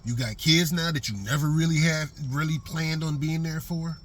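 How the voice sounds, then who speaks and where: A man's voice: on the high side, fairly even intonation, moderate pace, slight background noise. A middle-aged man giving a blunt, profane, streetwise vlog monologue from a vehicle. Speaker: vlogger.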